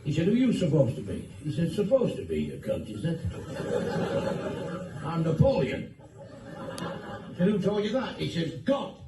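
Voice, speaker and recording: A man's voice: a little high, huge pitch swings, measured pace, pauses often, noisy background. A man telling bawdy jokes, swearing freely and switching voices for the characters, recorded on a phone from a distance. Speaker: joke teller. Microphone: phone video. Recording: echoey room, phone from a distance.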